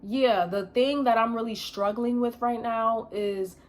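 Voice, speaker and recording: A woman's voice: on the high side, steady tone, a little slow. A young woman vlogging, telling a story in a blunt, emphatic rant full of slang.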